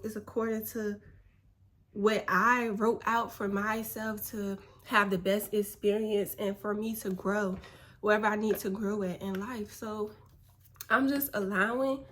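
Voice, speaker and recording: A young woman in a relaxed, slangy motivational chat, calling her viewers "baby". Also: a little high. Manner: laid-back, slangy, spiritual encouragement, calls viewers "baby". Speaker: vlogger.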